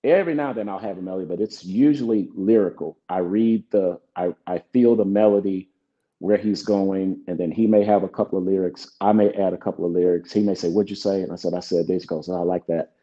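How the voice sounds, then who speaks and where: Here a middle-aged man, a guest songwriter, speaks quickly in a low, dark voice with a steady tone. He spins laid-back interview anecdotes, voicing both parties in past exchanges, all captured in dull lo-fi audio.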